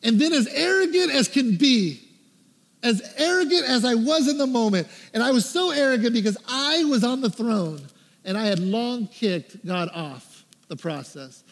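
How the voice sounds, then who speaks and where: A man with a high, bright-sounding voice preaches a storytelling sermon, acting out his own prayers and quoting the people he met. His voice rings out with a long reverb, as if he is filmed in a big hall. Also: normal speed. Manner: animated, acts out his own prayers and quotes. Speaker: pastor.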